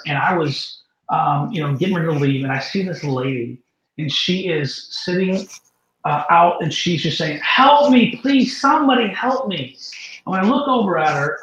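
A man, a guest, telling a faith story in an animated way, often repeating and restarting words. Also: fairly high pitch, reverberant, highs cut off. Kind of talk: storytelling testimony.

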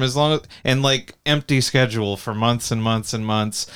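A man's voice: mid-range voice, fairly even intonation, normal speed, hardly any pauses, fairly bright tone, clear, resonant tone. A man hosting a comedy podcast, chatting casually and telling rambling, self-deprecating stories. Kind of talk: casual chat.

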